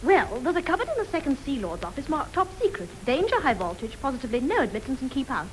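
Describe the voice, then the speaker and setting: A perky Wren. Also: female voice, high-pitched, very animated, fast talker, slight background noise, poor audio. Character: resourceful young Wren foraging for tea. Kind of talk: 1940s radio comedy acting.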